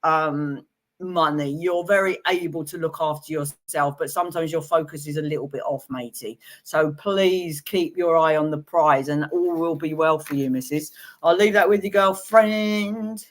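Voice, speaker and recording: On a live-streamed tarot reading, a woman with a low voice talks at a moderate pace. She's chatty and giggly, laughing at her own jokes while giving viewers warm, reassuring advice.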